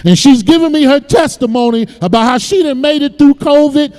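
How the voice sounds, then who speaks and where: A man with a very high voice preaches, telling his own story with emotion. He repeats words as he builds. His voice rings with a long reverb in a church sanctuary. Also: normal speed, few pauses, darkish tone. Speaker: pastor. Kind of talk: sermon testimony.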